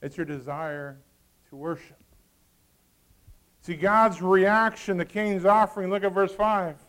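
This sermon comes from a male pastor with a high voice, fairly even intonation and a slow pace. Reading scripture in antiquated language, he calls out to the congregation, alternating between booming and quiet.

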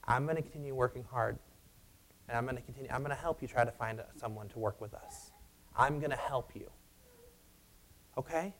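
A man voicing a sweet, hardworking older woman who speaks softly and reassures. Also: mid-range voice, a little fast, pauses often, slight background noise, close to an everyday voice. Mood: reassuring. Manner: soft, reassuring.

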